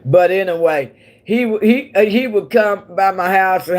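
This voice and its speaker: In a mid-range, somewhat dark voice and at a measured pace, a woman hosts a laid-back livestream, talking with viewers in a wandering way. She laughs often and hails from Missouri and Oklahoma in the central United States.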